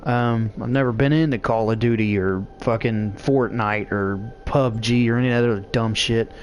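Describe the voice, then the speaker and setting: A middle-aged gaming vlogger chats casually while he plays, rambling, swearing freely and laughing often. His mid-range voice stays steady at a normal speed, with a little hiss or hum in the recording.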